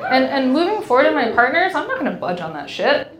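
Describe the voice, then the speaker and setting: A woman's voice: high voice, big pitch swings, fast. A young woman hosting a podcast, chatting candidly and frankly, swearing freely and laughing often. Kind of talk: candid casual chat. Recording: roomy echo.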